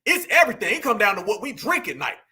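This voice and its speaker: A man with a strikingly high, bright and forceful voice, preaching his political commentary with heat. He hammers points home through repetition and keeps calling out to his audience directly. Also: huge pitch swings, fast, husky. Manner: preachy, emphatic, repeats lines for effect, addresses listeners as y'all. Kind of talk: impassioned political monologue.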